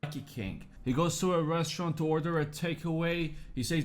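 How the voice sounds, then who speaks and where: A man with a slightly raised pitch talks casually and sarcastically, swearing freely as he mocks the clips he reacts to. His commentary is loose and conversational. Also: brisk, slight background noise. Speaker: co-host.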